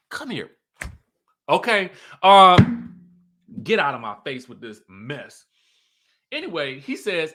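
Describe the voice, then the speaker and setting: A man's voice: high voice, very animated, slow pace, long pauses, pushed and bright. A man giving a casual, sassy reality-TV recap, laughing often and quoting the cast. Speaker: show recap commentator.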